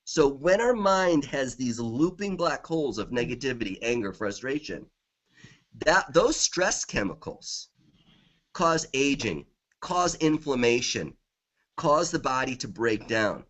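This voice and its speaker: A man's voice: medium pitch, very animated, unhurried, fairly bright tone. A middle-aged man, a guest author in a conversational interview, talking with enthusiasm and repeating affirmations.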